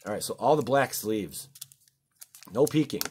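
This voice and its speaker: A man hosting a card-opening video in a casual, excitable way, swinging from hushed talk to shouting. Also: mid-range voice, unhurried, slight background noise.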